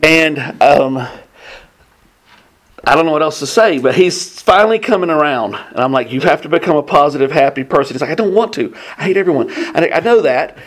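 A man teaching a Bible class in a casual way, telling personal stories earnestly and excitedly, often restarting his sentences. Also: on the high side, moderate pace.

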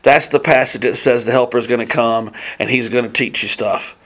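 A man teaching a Bible class in a casual way, telling personal stories earnestly and excitedly, often restarting his sentences. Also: medium pitch, fairly quick.

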